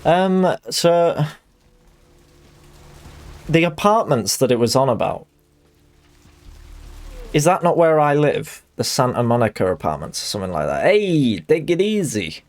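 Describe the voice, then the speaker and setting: Rambling streamer with a gravelly voice. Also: male voice, mid-range voice, sing-song, a little slow, long pauses. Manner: rambling, self-deprecating. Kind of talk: casual chat while gaming.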